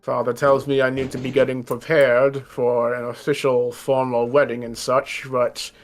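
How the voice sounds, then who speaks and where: A reserved young nobleman, polite and faintly dry, weary of court life, as a man voices him. His voice sits at a middling pitch. Soft music runs underneath. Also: level tone, normal speed, lightly acted. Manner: polite, dry, a little formal.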